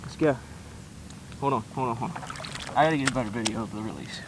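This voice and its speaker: A man vlogging outdoors by a small pond, shaky and keyed up, full of excited exclamations and coaxing the fish he's landing. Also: medium pitch, fast, recorded from a distance, heavy background noise. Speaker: fishing vlogger. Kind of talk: excited outdoor vlog commentary. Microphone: camera set up nearby.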